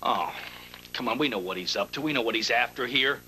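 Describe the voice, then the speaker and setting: A man's voice: medium pitch, brisk, bright, forceful tone, a little hiss or hum, low-quality recording. An actor playing an agitated, fiercely protective father who talks insistently and raises his voice in a TV drama. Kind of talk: daytime TV drama acting.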